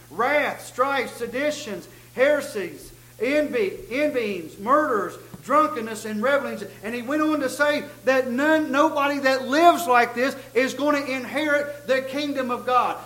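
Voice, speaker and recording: A man's voice: very high-pitched, pushed and bright, echoey room, poor audio. A middle-aged man preaching a sermon in a church, with folksy emphasis and frequent stammered restarts. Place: church sanctuary.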